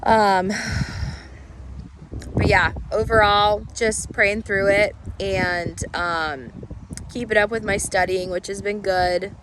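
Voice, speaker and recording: A woman with a hoarse, froggy voice from a cold, talking through her thoughts in a rambling, halting, candid way. She records an unedited personal vlog outdoors. Street and traffic noise comes through clearly behind her. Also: mid-range voice, fairly even intonation. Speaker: vlogger.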